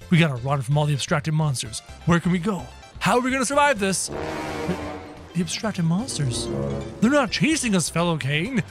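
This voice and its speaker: A young man hosting a gaming channel, giving excited gameplay commentary and narrating every move to viewers. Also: high voice, moderate pace. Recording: faint game music behind.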